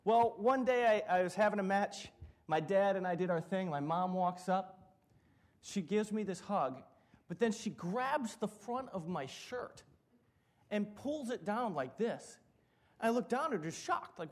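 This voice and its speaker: High-voiced man preaching a sermon. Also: animated, a little slow. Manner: storytelling, humorous, acts out quotes. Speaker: pastor.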